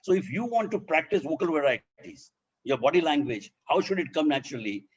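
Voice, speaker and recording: A man's voice: fairly high pitch, expressive, fairly quick, husky, dull audio. A man with an Indian accent giving a public speaking lesson, demonstrating points by voicing example sentences. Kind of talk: instructional talk.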